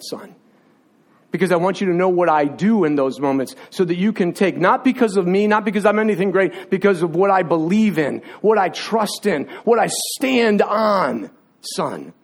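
A male preacher with a notably high voice delivers an impassioned sermon. He speaks in a confessional tone and builds momentum through repeated phrases. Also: lively intonation, moderate pace.

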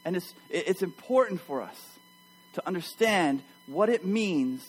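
A man preaching a sermon to his church, telling a personal story with animated energy and addressing the congregation directly. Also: high-pitched, a little slow, breathy edge, rough recording. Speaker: pastor.

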